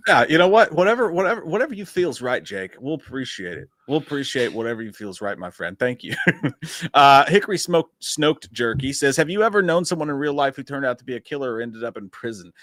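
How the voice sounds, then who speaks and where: A man's voice: medium pitch, lively intonation, a little fast, fairly bright tone, no echo, studio quality. A man co-hosting a casual live stream, reading viewer comments aloud and chatting in a laid-back, profane way.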